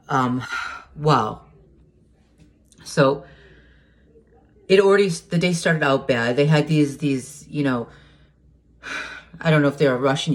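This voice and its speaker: A man talking to camera in a casual monologue, agitated and hesitant, stumbling over restarts and repeated words and swearing heatedly. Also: medium pitch. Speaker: vlogger.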